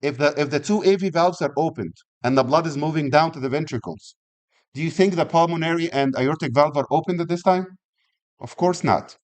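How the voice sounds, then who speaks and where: A man with a slightly higher-pitched voice gives a classroom lecture on anatomy. He keeps asking the class rhetorical questions, repeats himself as he works through an idea, and demonstrates points with his own body. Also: brisk. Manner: explains by rhetorical questions, repeats and restarts phrases; uses physical demonstrations while explaining. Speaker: anatomy and physiology instructor.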